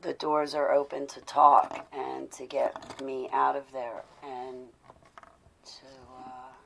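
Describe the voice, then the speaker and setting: A woman's voice: a bass voice, vocal fry, slight background noise, low-quality recording. A woman talking to her live-stream viewers, confessional and intense, growing indignant as she talks. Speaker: vlogger speaking to live viewers. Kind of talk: casual live-stream talk.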